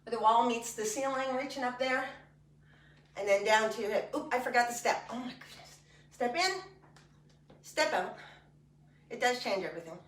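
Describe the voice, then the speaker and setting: A woman's voice: a little high, normal speed, long pauses. A woman guiding an exercise class, giving step-by-step cues and joking between them. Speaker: fitness instructor. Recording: echoey room, mic far off.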